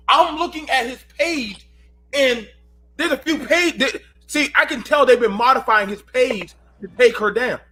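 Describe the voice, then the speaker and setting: A man's voice: very high voice, pushed and bright, slight background noise. A man in his thirties hosting a heated panel call, preachy and emphatic, often repeating himself. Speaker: host of a panel call show.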